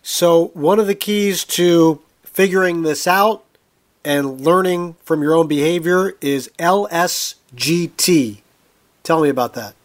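A man's voice: fairly high pitch, takes it slowly. Man asking interview questions. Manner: conversational, asks questions with fillers. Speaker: interviewer, sports writer.

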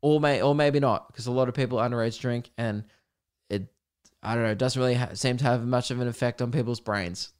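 A young man hosts his podcast on his own. He talks in an easygoing, unscripted way, swearing often and trailing off into asides. His voice sits at an ordinary middle pitch. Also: steady tone, fairly quick, clear, resonant tone. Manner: candid, sweary and rambling, with mocking put-on voices. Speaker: podcast host. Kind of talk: solo casual podcast chat.

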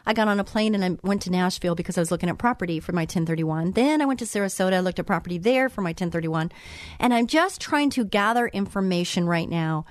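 A woman's voice: mid-range voice, dry recording, clean studio sound. A middle-aged woman hosting a show, giving an earnest, emphatic motivational monologue that repeats phrases for effect. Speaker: host.

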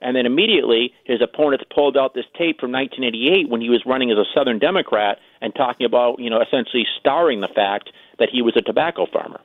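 Fast-talking man on a phone line. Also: mid-range voice, dry recording. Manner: quick, chatty, many fillers. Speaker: political commentator guest. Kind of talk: radio call-in interview. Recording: tinny dry phone line.

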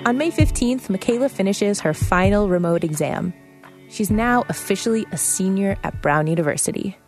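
A woman narrating a radio feature in a measured, matter-of-fact scripted way. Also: mid-range voice, lively intonation, soft background music.

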